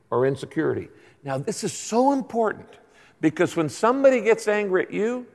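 An older man preaching a conversational sermon as a pastor, with emphatic asides to his congregation. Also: sits high. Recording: long hall reverb.

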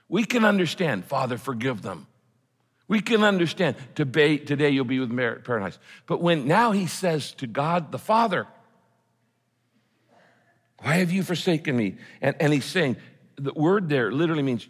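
A man's voice: on the high side, big pitch swings, normal speed, slightly rough. Man preaching in a reverberant hall. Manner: earnest preaching, rising to loud cries, dropping to hushed quotes. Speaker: pastor. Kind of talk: sermon. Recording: long reverb of a large hall.

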